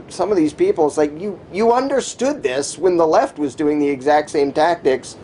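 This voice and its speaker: A man's voice: on the high side, a little mellow, a little hiss or hum. A man speaking as a guest in a conversational interview, talking emphatically and scornfully, sometimes mimicking the people he criticizes. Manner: emphatic, scornful, mocks opponents' voices.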